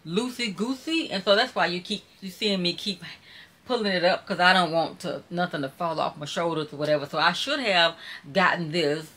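Chatty Southern woman with a bright voice. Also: on the low side, normal speed. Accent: Southern US, Mississippi. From Mississippi. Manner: chatty, folksy, reads out viewer comments. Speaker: YouTuber hosting a live stream. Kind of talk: casual live-stream chat.

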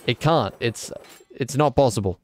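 A man's voice: medium pitch, normal speed, a little hiss or hum. A young man streaming a game, rambling and joking as he answers his chat. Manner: rambling, jokey, talks back to chat. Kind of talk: casual gaming stream commentary.

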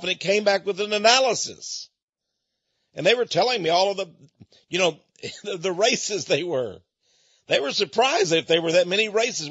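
With a little high, fairly bright voice, a radio host from Texas spins a folksy, conversational monologue full of stories and frequent chuckles. The recording is dry, dull and lo-fi.

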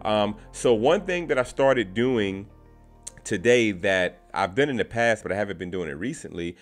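A man with a fairly low voice talks straight to his viewers in a loose, conversational way. He shares advice from his own sales calls and circles back on words as he thinks. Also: animated, normal speed, soft background music. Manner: conversational, repeats words, restarts phrases. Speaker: sales representative sharing tips. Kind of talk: casual talking-to-camera advice.

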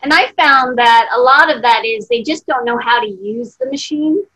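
Agreeable woman host with a fairly high voice. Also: normal speed, pushed and bright, rough recording. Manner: agreeable, brief affirmations, practical. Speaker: host, fitness trainer. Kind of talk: interview host chat.

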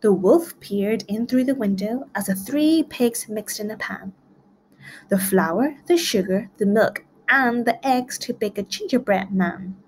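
Woman, children's read-along narration, rhythmic rhyming, middle pitch, faint noise. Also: animated, unhurried, a little mellow. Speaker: storybook reader.

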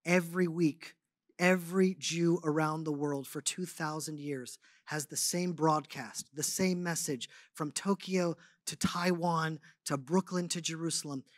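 A man speaking to a congregation, telling a personal story and teaching, swinging between loud animated stretches and hushed ones. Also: a little high, a little slow, no room sound, studio quality. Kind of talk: testimony and sermon.

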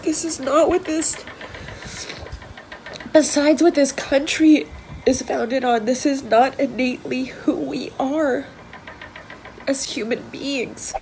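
Tearful woman, high voice, slow and halting, faint background hiss. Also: steady tone, darkish tone, rough recording. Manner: pleading, voice breaking. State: crying. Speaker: celebrity posting a video statement. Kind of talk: emotional online video statement.

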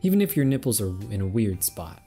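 A man's voice: fairly low pitch, very animated, brisk, mellow, slightly rough, faint music behind. A man doing a teasing female kirin. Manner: teasing, sultry.

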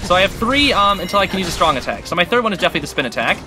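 A man hosting a gaming channel, giving excitable, chatty commentary while he plays and talks to the characters on screen. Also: sits high, very fast. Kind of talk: casual gameplay commentary. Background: game music.

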